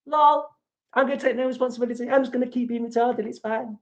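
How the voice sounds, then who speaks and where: Mocking high sneer of a dismissive man, put on by a man, lo-fi stream sound. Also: fairly even intonation, fast, gravelly. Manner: whiny, sneering, high-pitched "lol"s.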